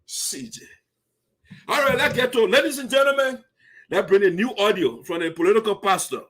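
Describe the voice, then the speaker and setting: At a moderate pace, a high-voiced Liberian man delivers casual commentary as host of a diaspora community show. His Liberian English is animated, broken up by laughs and indignant remarks.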